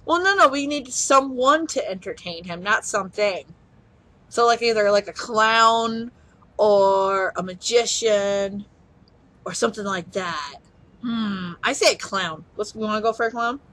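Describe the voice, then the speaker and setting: A woman plays a video game casually with a child, laughing often and coaxing her along in let's-play chat. Her mid-range voice is a bit bright and measured in pace, with faint chiptune music in the background.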